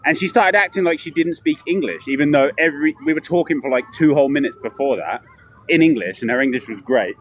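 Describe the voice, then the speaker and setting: A man's voice: a little high, quick pace, slight background noise. A man chatting casually during a walking live stream outdoors, rambling and telling stories as he goes. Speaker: vlogger. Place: outdoors on city streets. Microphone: handheld camera while walking.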